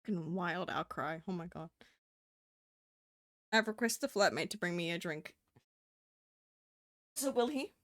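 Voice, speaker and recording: A woman's voice: lowish voice, animated, measured pace, pauses often, fairly bright tone, no echo, studio quality. A woman streamer in casual live-stream chat, swearing freely, laughing often and talking to her chat.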